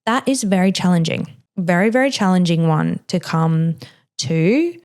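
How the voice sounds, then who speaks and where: Woman podcast host, lower-pitched, candid and conversational, giving straight advice. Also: expressive, moderate pace, darkish tone. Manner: frank, chatty, heavy use of "like" and "you know". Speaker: mother. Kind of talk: casual advice chat.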